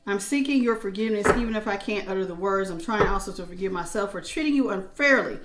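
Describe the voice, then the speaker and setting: A woman reads tarot cards in a loose, chatty way, with features. She slips into acted-out asides as she explains. Her voice sits at a middle pitch and echoes around the room. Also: fast, noisy background. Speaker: tarot reader. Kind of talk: casual tarot reading.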